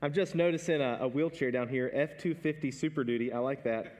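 A man's voice: mid-range voice, brisk, a little mellow. A man in his thirties preaching a sermon, telling family stories in a conversational way with laughs. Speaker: pastor. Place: church sanctuary stage. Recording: long reverb of a church hall.

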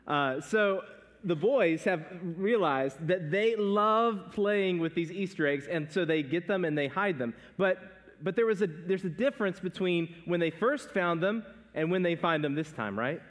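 A man's voice: sits high, a bit bright. A man in his thirties preaching a sermon, telling family stories in a conversational way with laughs. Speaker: pastor. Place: church sanctuary stage. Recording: long reverb of a church hall.

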